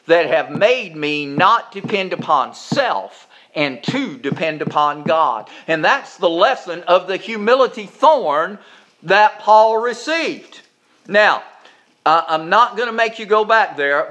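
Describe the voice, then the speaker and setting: A male pastor preaching a sermon, leading the congregation in call-and-response and climbing higher on emphasis. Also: fairly bright tone.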